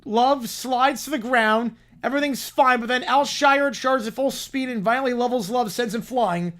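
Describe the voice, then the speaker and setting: A man's voice: very high voice, normal speed, a bit bright. A man hosting a livestream who reads a chaotic fan story aloud and keeps breaking off to comment and laugh. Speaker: livestream host.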